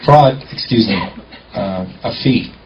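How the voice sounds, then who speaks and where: A man telling a lively courtroom-clerk story in a confident storytelling talk, acting out the dialogue. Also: fairly low pitch, slow, slight background noise. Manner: animated, acts out dialogue, confident. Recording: muffled lo-fi recording.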